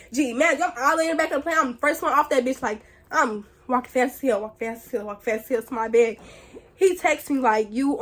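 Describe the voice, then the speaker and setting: High-voiced young woman, blunt and profane. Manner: blunt, profane and animated, slangy. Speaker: vlogger. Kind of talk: casual storytime.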